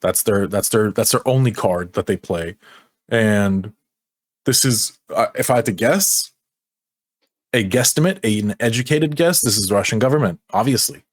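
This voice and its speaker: A man's voice: on the low side, moderate pace, no room sound, studio quality. A man co-hosting a casual podcast chat, giving blunt opinions and short agreements. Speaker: podcast co-host.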